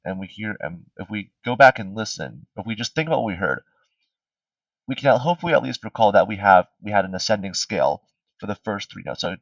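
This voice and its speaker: A man's voice: fairly low pitch, animated, fairly quick, vocal fry, no room sound. A man tutoring music theory in a casual review session. He sings melody fragments on syllables and keeps checking in with "right?". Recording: distant, slightly dull streamed audio.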